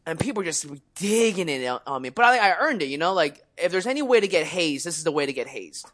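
A young man co-hosting a podcast, telling a story in casual chat, animated, swearing freely and acting out the people he quotes. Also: on the high side, fast talker. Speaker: podcast co-host.

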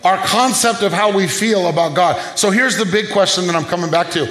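A man with a high voice preaches a sermon, firing off questions and calling for responses. The sound rings out in an echoey room. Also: a little fast, a bit bright. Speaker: pastor.

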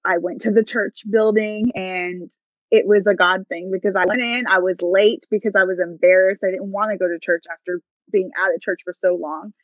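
A woman's voice: mid-range voice, fairly even intonation, normal speed, no echo, muffled recording. A woman guest telling her personal faith story with emotion, acting out the voices of people she quotes. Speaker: podcast guest.

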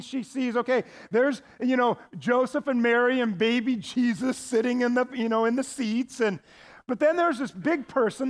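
A man with a very high voice preaching a sermon. He talks in a casual, folksy way and drops in playful asides to his congregation. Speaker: pastor.

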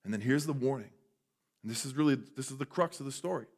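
A male pastor preaching a sermon in a church, conversational and animated, sometimes dropping to a hush for effect. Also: medium pitch, fast talker. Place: church sanctuary.

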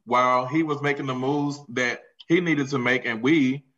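A man's voice: mid-range voice, fairly even intonation, moderate pace, a bit bright. A man co-hosting a podcast, talking earnestly in long runs with fillers. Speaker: podcast co-host. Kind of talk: casual chat. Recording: dull lo-fi audio.

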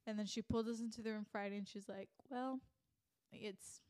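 Young female podcast host, lively storyteller who acts out her own thoughts. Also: mid-range voice, racing. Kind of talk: faith podcast conversation.

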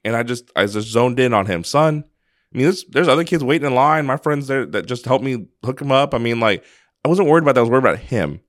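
A man's voice: medium pitch, lively intonation, fast talker, fairly bright tone, no room sound, studio quality. A man co-hosting a podcast, telling a personal story in an earnest, casual way, often restarting his sentences. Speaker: podcast co-host.

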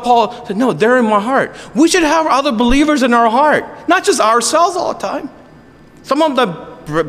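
Male pastor, earnest conversational sermon, high voice, hall reverb. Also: fairly bright tone. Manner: earnest, with asides and jokes to the congregation.

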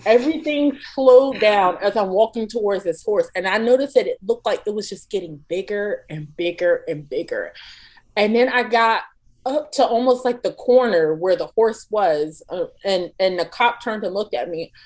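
A woman co-hosting a casual podcast, telling a funny story in an animated way and acting out her own panicked shouts. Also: mid-range voice, moderate pace, poor audio. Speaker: podcast co-host.

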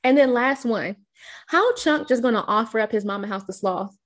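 A woman's voice: on the high side, animated, moderate pace. Giggly woman recapping scenes. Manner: narrates scene rundown, giggles often. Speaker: podcast co-host. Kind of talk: casual chat recapping a film.

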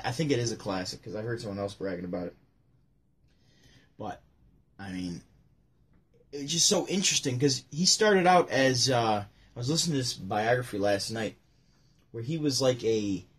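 A man hosting a daily show, chatting casually and telling stories in a rambling, animated way with many restarts. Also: a little high, slightly rough. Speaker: host. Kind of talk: casual chat.

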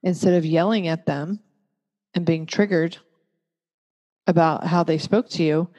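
Gentle woman teaching parents, long reverb. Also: deep voice, steady tone, a little slow, dull audio. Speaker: parenting educator. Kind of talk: calm teaching talk.

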